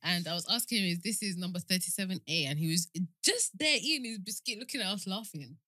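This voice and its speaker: A woman's voice: medium pitch, fast talker, dry recording. A woman, telling stories in a casual chat and acting out what people said, often laughing. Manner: animated storyteller, laughs often, acts out quotes. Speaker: podcast co-host.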